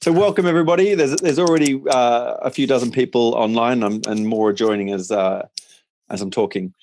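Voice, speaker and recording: A man with an Australian accent softened by years in England, hosting a business webinar in a chatty, upbeat way with many fillers. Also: mid-range voice, a little fast, no room sound. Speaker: managing director and webinar host. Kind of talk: casual webinar presentation.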